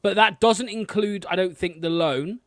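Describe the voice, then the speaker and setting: A man's voice: high-pitched, moderate pace, no room sound, clean studio sound. A man co-hosting a long live fan stream from home, blunt and casual in his banter. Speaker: fan podcast co-host.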